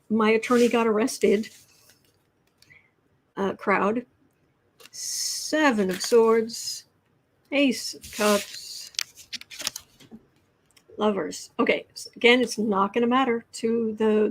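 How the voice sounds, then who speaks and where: A woman hosting a casual tarot livestream, speaking slowly with many pauses and restarts. Her voice sits a little high, and her tone is blunt and sarcastic. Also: slight background noise. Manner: halting, full of ums and restarts, blunt and sarcastic. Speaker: tarot and astrology livestream host. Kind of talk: casual political commentary livestream.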